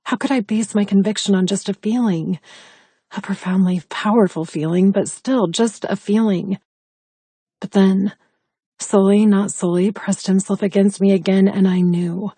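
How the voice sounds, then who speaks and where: Husky-voiced woman narrating an audiobook. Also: medium pitch, steady tone, normal speed, dark tone, no room sound. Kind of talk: first-person audiobook narration.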